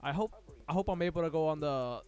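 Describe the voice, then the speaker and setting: A man's voice: fairly high pitch, quick pace, a little mellow, clear, resonant tone, soft background music. A man hosting a live stream, chatting in a loose, joking, blunt way. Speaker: livestream host. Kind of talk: casual live-stream chat.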